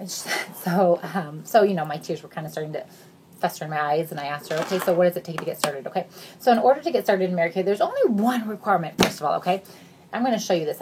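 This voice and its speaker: A woman's voice: sits low, a little mellow, a little hiss or hum. Gushing, earnest woman on the verge of tears. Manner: earnest and gushing, says "you guys" a lot, voice rising and dropping to near whispers. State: near tears at times. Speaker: sales recruiter. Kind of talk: emotional recruitment pitch.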